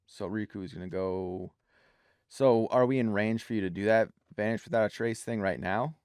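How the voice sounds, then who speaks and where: A man's voice: lowish voice, normal speed, darkish tone, smooth, no echo, studio quality. A man playing a tabletop game, casually planning out moves aloud with hesitant starts. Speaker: player.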